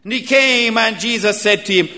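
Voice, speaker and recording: A man preaching a sermon, slow and emphatic, building to loud calls. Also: high voice. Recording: reverberant hall.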